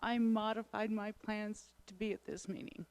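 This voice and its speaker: A woman's voice: medium pitch, level tone, moderate pace, darkish tone. A middle-aged woman making a public comment at a town meeting, emotional and urgent, her frustration showing. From Wisconsin.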